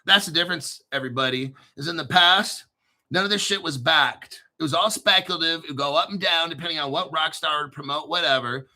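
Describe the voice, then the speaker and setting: A man hosting a crypto channel, reading news aloud with excitable, joking, profane commentary and frequent throat clearing. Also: a little high, brisk.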